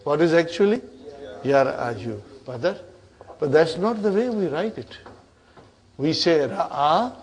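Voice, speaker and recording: A man teaching Arabic grammar in a classroom, speaking slowly and deliberately with a slightly raised pitch. He repeats verb forms aloud and keeps checking that his students follow, calling them "brother". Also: lively intonation. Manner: drills conjugations aloud, checks with "huh?" and "brother".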